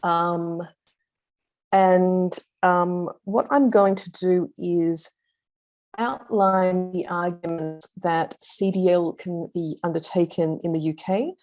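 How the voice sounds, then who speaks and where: A woman giving an academic law presentation on an online call, measured and steady with frequent pauses and ums. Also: on the low side. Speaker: invited speaker on law. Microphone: video call.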